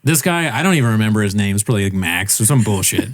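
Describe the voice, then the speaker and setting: A man on a casual podcast telling a story with animated, swearing delivery, laughing often and acting out the people he quotes. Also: fairly low pitch, rapid-fire. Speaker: podcast co-host. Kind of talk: casual chat.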